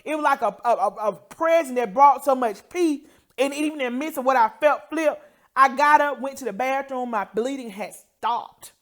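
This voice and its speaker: A woman's voice: high voice, moderate pace. A woman telling an emotional healing testimony as co-host, acting out the people she quotes. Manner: emotional storytelling, quotes others in lively voices.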